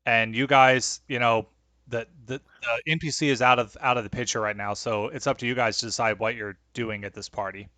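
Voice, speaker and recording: A man's voice: medium pitch, fairly even intonation, fairly quick, pushed and bright, no room sound. A man running a tabletop role-playing game as game master, easygoing and full of fillers.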